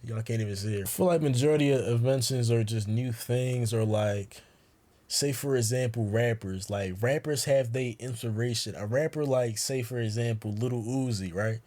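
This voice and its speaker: A young man rambles through his thoughts straight to the viewer in loose street slang. His voice sits at an ordinary middle pitch, and he keeps circling back with quick asides while he reasons things out. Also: dark tone. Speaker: YouTuber. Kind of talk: casual vlog monologue.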